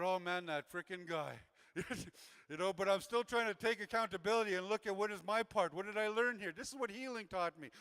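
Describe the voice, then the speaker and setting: A man's voice: high voice, fairly bright tone, smooth. A man who works with youth, giving an earnest, repetitive motivational talk to a community gathering and acting out the voices of the people he quotes. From Canada. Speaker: youth worker and speaker.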